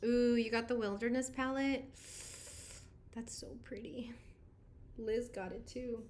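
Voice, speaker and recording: A woman's voice: fairly high pitch, steady tone, a little slow, a little mellow, a little hiss or hum. A woman in her thirties, a beauty vlogger chatting casually on a livestream, greeting viewers and laughing often.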